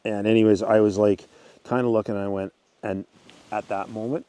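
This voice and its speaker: A man with a fairly low, warm, mellow voice tells a wilderness story in a loose, conversational way. He rambles, backtracks and clears his throat often as he goes. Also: fairly even intonation, fairly quick. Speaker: channel host reading a viewer's story. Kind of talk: casual spoken storytelling.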